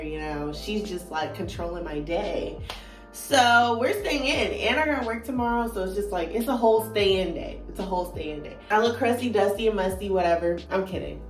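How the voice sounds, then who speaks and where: A woman's voice: mid-range voice, distant mic. Chatty twenty-something woman with groggy morning voice. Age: 20s. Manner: chatty and playful, lots of "like" and "you know". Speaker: vlogger. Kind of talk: casual story time vlog. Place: at home while doing her morning routine. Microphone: phone on a moving gadget. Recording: echoey room, phone set back, soft music behind.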